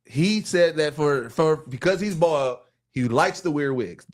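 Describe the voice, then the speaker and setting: A man's voice: a little high, measured pace. A man co-hosting a podcast in casual chat, telling stories with laughs and acting out quotes. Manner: animated, laughing storyteller who acts out quotes. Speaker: podcast co-host.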